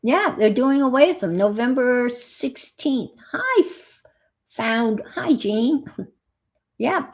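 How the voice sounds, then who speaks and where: Woman, livestream craft host, gravelly and husky, rambling casual chat. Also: a little high, lively intonation, slow pace. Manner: chatty, rambling, greets viewers by name.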